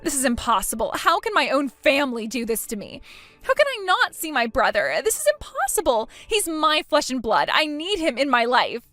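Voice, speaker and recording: A woman's voice: high-pitched, very animated, normal speed, fairly bright tone, dry recording. A woman voicing a spiteful, jealous young sister of the groom who mocks and whines in a voiced text-story drama. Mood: pleading indignant. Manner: mocking, whiny, petulant.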